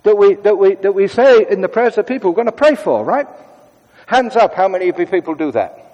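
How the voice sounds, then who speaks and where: A man preaching a sermon in a conversational way, moving between brisk asides and hushed, prayerful tones. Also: high voice, lively intonation, in a large hall, dull audio.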